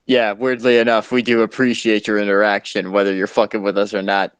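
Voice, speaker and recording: A man's voice: lowish voice, flat delivery, brisk, clean tone, no room sound. A man co-hosting a casual comedy podcast, telling rambling, profane stories and acting out the people in them. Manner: profane, rambling storyteller who acts out other people's voices. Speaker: podcast co-host. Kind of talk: casual stoner comedy chat.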